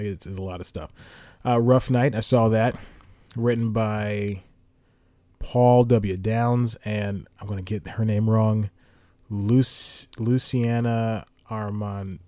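A man's voice: on the low side, dark tone, dry recording. A young man hosting a solo podcast, chatting casually and rambling, correcting himself and chuckling as he goes. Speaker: podcast host.

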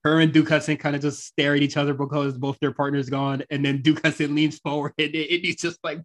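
Casual male podcast co-host, a touch higher-pitched, relaxed delivery with frequent laughs. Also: brisk, few pauses. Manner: laid-back, laughs often, swears freely. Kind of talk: casual chat about wrestling.

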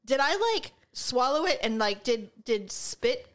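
A woman's voice: on the high side, animated, a little slow, fairly bright tone. A woman from the Bay Area co-hosting a casual podcast chat, complaining with exaggeration about her burning mouth and runny nose. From San Francisco Bay Area. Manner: chatty, exaggerated complaining, laughing. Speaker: podcast co-host.

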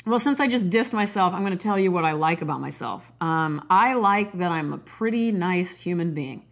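A woman in her forties from Nebraska hosting her own podcast, talking loudly and excitedly, jumping between topics with cussing and self-mocking jokes. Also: fairly low pitch, moderate pace. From Nebraska, USA. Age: 40s. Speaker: podcast host. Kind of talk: casual solo podcast monologue.

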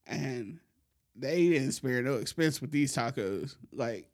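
A man hosting a podcast, telling a long, profane story in a relaxed way and laughing often. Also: mid-range voice, slow pace. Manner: laid-back, profane, laughs often while telling stories. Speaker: podcast host. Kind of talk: casual storytelling chat.

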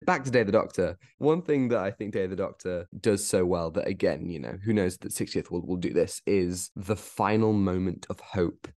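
A man's voice: sits low, normal speed, hardly any pauses, a little mellow, no echo, studio quality. A young man, a podcast co-host, gushing about a TV special in a rambling, enthusiastic way. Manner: enthusiastic, rambling, quotes lines in put-on voices. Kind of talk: casual review discussion.

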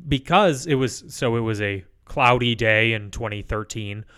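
A man co-hosting a podcast over a remote call, telling rambling stories with deadpan asides. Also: medium pitch, moderate pace, smooth. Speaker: podcast co-host. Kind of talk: casual chat. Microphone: remote call mic.

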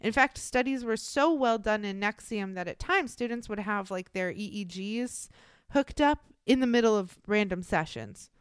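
A young woman retells a true-crime story on her podcast in a loose, chatty way. She swears bluntly and fills her talk with "like". Her voice is clear and smooth, and the recording is close and dry. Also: mid-range voice, animated, normal speed, dry recording. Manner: blunt and profane, many fillers like "like". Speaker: podcast co-host.

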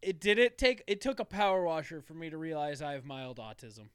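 Chatty male podcast co-host, smooth bright voice, dry close sound. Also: on the high side, brisk, no room sound. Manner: chatty storyteller, swears casually. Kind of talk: casual chat.

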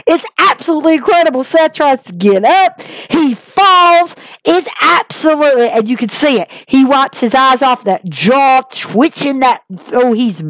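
A woman hosting an excited wrestling recap, gushing and acting out what was said with big swings in her voice. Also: dry recording, poor audio. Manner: gushing, acts out quotes with big pitch swings.

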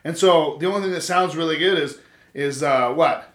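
A man in his thirties telling stories in casual chat, animated and profane. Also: a little high, moderate pace. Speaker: podcast host. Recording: echoey room.

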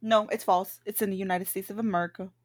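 A woman's voice: medium pitch, fairly even intonation, fast. A woman co-hosting a casual podcast chat, tossing out short teasing quips. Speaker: podcast co-host guessing.

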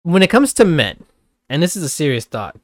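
A man's voice: on the high side, very animated, fairly quick, dry recording, studio quality. A young adult man co-hosting a casual podcast chat, talking bluntly and animatedly, swearing and laughing often. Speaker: podcast co-host.

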